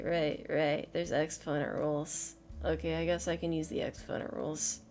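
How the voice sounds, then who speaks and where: Young woman streamer, unhurried, flustered, swears and mocks herself while solving math, soft music underneath. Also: medium pitch. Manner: flustered, self-mocking, mutters and swears while thinking. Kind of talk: casual live-stream chat while solving problems.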